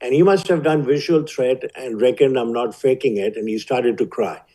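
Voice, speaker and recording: A man in his seventies with an Indian accent, a physician telling his life story as a guest in an interview, measured and vivid. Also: mid-range voice, mellow, rough recording. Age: 70s.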